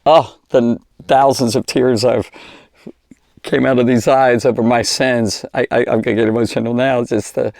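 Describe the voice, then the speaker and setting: A man's voice: medium pitch, normal speed, gravelly, dry recording, clean studio sound. Chatty man giving a Bible teaching. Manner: animated and chatty, with laughs and restarts.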